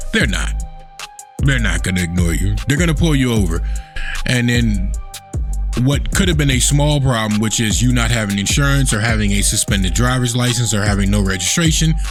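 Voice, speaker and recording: A man hosting a reaction video in casual commentary, laughing often and mocking people with put-on voices. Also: mid-range voice.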